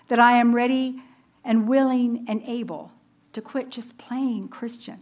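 A woman in her fifties giving a personal testimony sermon, earnest and storytelling, laughing at herself along the way. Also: on the high side. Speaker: women's ministry speaker.

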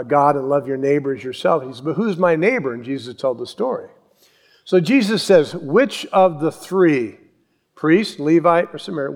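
Guy preaching, acts out the characters, gets loud and lively. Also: on the high side. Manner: animated storytelling, acts out voices and yells. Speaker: pastor. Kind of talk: sermon.

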